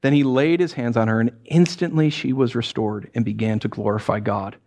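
A male pastor delivers a casual, meandering sermon in an ordinary mid-pitched voice. He talks the way he would in conversation, with plenty of "uh" and restarts. He slips readily into quoted voices and dry humor to make his point. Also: brisk. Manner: conversational, animated preaching with many fillers and self-corrections; swings into acted quotes and wry humor.

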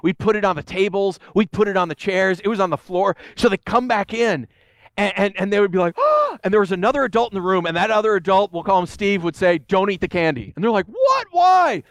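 Man, high-pitched, casual animated preacher, dry close sound. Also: quick pace, no echo. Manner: animated storytelling, voices quotes. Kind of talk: conversational sermon.

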